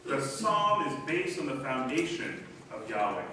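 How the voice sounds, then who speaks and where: A man preaching a sermon as pastor, reading scripture aloud slowly and with emphasis. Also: mid-range voice, sing-song, bright, forceful tone, a little hiss or hum. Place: church sanctuary. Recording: echoey church from a distance.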